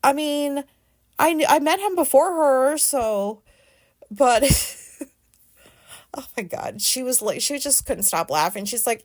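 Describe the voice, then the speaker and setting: A woman's voice: high-pitched, takes it slowly, pauses often. A woman hosting her own podcast, talking through sad feelings in a rambling, hesitant way with many fillers, restarts and casual swearing. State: sad, teary. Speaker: podcast host. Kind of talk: casual personal monologue.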